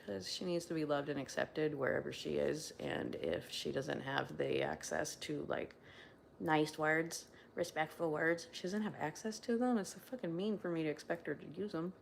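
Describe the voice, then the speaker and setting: A woman talking through her feelings in a casual solo check-in, candid and rambling, swearing freely and sometimes dropping to a hushed voice. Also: sits low, very animated, normal speed, creaky, slight background noise. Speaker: video diarist.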